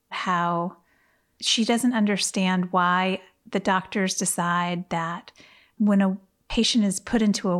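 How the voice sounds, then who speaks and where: A woman in casual book talk, enthusiastic and laughing often as she reads passages aloud. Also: medium pitch.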